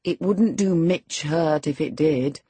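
An awkward, rough country lad drawls his words slowly, as a woman reads him. The voice is low, mellow and deeply husky, with a dry close sound. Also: no echo, exaggerated voice. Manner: slow, drawling.

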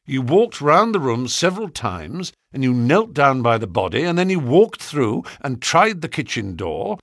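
Brilliant, impatient Victorian sleuth, read by a man; crisp, commanding, husky, dry. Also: mid-range voice, sing-song, normal speed, fairly bright tone, dry recording. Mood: brisk. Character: sharp, impatient, brilliant Victorian male detective. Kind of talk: audiobook character reading.

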